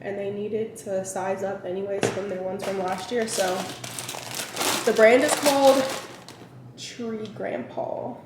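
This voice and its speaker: A woman's voice: medium pitch, steady tone, slow pace, recorded from a distance. A young woman, a mother, rambling casually through a shopping haul at home, full of "like", to a camera set down nearby. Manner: chatty and rambling, lots of "like". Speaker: vlogger, mother. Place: at home, indoors. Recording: very echoey room, off-mic, noisy.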